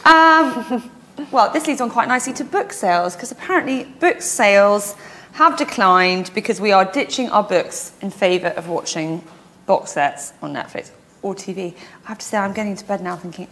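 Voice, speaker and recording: A woman's voice: medium pitch, moderate pace, fairly bright tone. A woman hosting a studio sofa chat, chatty and blunt, laughing often. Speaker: host.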